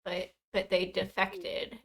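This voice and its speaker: A woman's voice: medium pitch, monotone, slow. Casting note: woman player, mid voice, casual and unsure. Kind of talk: casual tabletop play.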